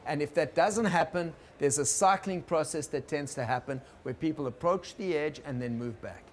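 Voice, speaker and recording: Gentle man giving a lecture. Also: a little high, normal speed. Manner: gentle, explaining, checks in with listeners. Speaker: teacher on conflict work. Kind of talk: recorded lecture.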